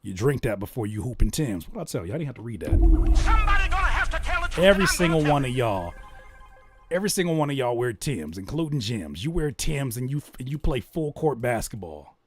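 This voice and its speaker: A man hosting a casual livestream, reacting to music and joking with chat in an animated way. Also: mid-range voice, a little fast, slightly rough, no room sound. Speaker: livestream host giving music feedback.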